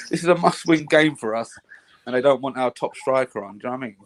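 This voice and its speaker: A man's voice: mid-range voice, fairly quick, rough recording. A man chatting casually about football on a live stream, full of fillers and swearing. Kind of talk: casual banter.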